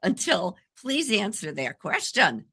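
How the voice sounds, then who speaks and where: A woman's voice: medium pitch, very animated, unhurried, pushed and bright, husky. A woman hosting a live online talk show, moderating and encouraging her guest with short affirmations. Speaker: host.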